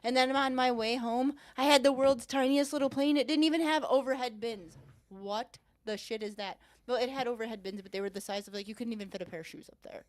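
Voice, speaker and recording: Animated woman telling a story. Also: on the high side, brisk, dry recording. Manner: animated storyteller, frequent swearing and laughter. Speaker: podcast co-host. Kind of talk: casual chat.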